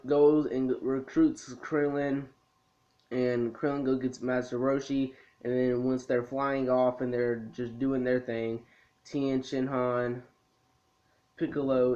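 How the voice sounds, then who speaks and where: Chill guy rambling thru a show recap, mid pitched voice, kinda muffled lo-fi audio. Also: level tone, takes it slowly, darkish tone. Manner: rambling, full of ums and restarts, laid-back. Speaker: anime review vlogger. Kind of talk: casual spoken episode recap. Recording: slightly muffled lo-fi recording.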